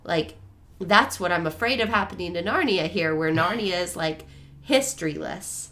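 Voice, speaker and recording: Podcast cohost, woman, lowish voice, thinks out loud and restarts sentences. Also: normal speed. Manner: rambling, self-correcting, animated. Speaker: podcast co-host. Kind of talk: casual book discussion.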